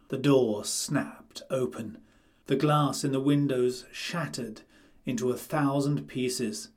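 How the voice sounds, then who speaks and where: A man narrating a children's storybook in a calm, deliberate way. His voice sits at an ordinary pitch, and he takes his time, reading slowly and clearly with space between phrases.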